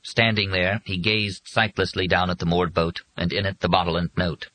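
A man narrating an audiobook in an expressive, measured way. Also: deep voice, rough recording.

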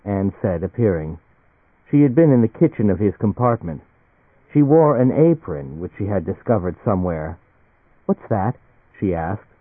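A man with a fairly low voice reads a novel aloud, measured and even, keeping the characters' lines quiet. The sound is thin and phone-like, with a dry, close feel and no room around it. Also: no echo. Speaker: audiobook narrator. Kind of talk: scripted narration. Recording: tinny phone-like audio.

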